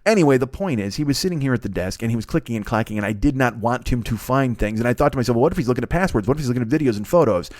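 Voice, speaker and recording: A man's voice: mid-range voice, expressive, racing, hardly any pauses, a little mellow, dry recording, studio quality. An American man in his forties hosting a comedy podcast, talking in a rambling, profane, self-correcting way. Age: 40s. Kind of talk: casual rambling monologue.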